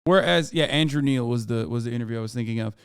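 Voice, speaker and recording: A man's voice: medium pitch, smooth, no echo, clean studio sound. A man in his thirties giving rambling, profane reaction commentary as a streamer. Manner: rambling, profane, quick asides.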